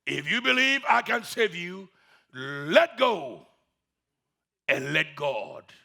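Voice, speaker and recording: A man doing a deep, booming voice of God. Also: big pitch swings, gravelly, bright, forceful tone, exaggerated voice. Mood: commanding. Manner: slow, commanding calls.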